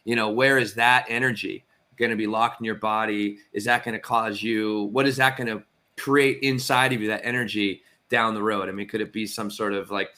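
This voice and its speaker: Bright, animated man chatting on a podcast. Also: on the low side, brisk. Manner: animated, filler-heavy, lots of "like" and "you know". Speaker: podcast co-host. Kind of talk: casual podcast discussion.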